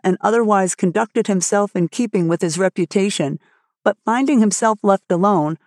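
A woman narrates a classic storybook in a measured, expressive reading voice at a middle pitch. The recording is close and dry, with no room sound. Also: no room sound. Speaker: audiobook narrator.

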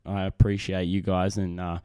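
A man's voice: deep voice, little pitch movement, moderate pace, darkish tone, clean tone, dry recording, studio quality. A young man with an Australian accent, hosting a casual solo podcast in a rambling, self-deprecating way. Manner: rambling, self-deprecating, frequent restarts and fillers. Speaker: podcast host. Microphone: desk microphone on camera.

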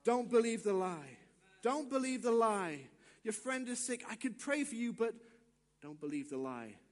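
A male pastor giving a sermon, acting out little dialogues and swinging from quiet asides to shouts. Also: very high voice, lively intonation, normal speed, in a large hall.

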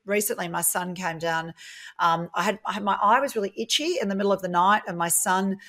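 A woman, a guest in a casual interview, telling stories in a chatty, animated way and acting out the dialogue she quotes. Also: medium pitch, brisk. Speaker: guest, property business founder.

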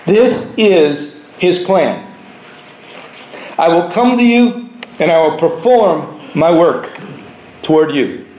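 A man preaching a sermon, telling stories from his week in an earnest way, now softly, now with force. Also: on the high side, animated, slow, long pauses, roomy sound, rough recording. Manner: earnest storytelling preaching, shifting between soft and raised delivery.

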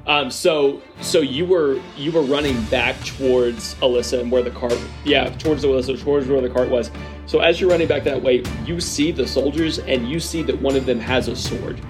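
A man narrating a tabletop game as game master in a relaxed, hesitant way with many fillers. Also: medium pitch, moderate pace, over music.

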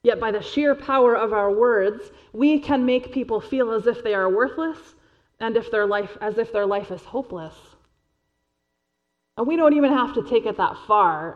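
A woman pastor preaching a sermon in an earnest, measured way, dropping quietly for emphasis. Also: mid-range voice, dull audio.

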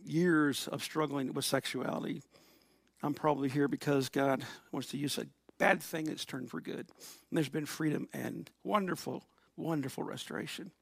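A man's voice: a little high, vocal fry, no room sound. A middle-aged man preaching a sermon to his congregation in a church, telling stories and acting out quotes. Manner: storytelling with laughs and acted-out quotes. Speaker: pastor.

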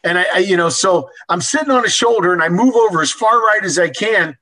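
Animated, high-voiced older male storyteller. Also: a little fast, low-quality recording. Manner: animated, chuckling, folksy. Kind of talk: casual anecdote.

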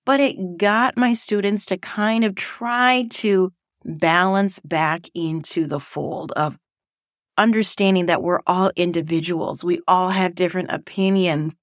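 A woman, a former teacher, hosting a casual reflective podcast monologue in a playful, animated way. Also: mid-range voice, dry recording, clean studio sound. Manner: playful and animated, acting out voices.

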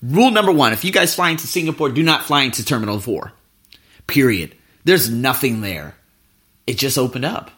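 A man's voice: medium pitch, lively intonation, a little fast, a bit bright. A man hosting a podcast, telling a travel story in a casual, profane, ranting way. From United States. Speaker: podcast host.

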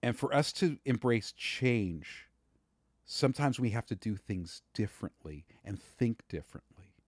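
A man's voice: mid-range voice, animated, unhurried, no echo, studio quality. A man co-hosting a podcast, arguing his point passionately and raising his voice in a heated debate. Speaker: podcast co-host.

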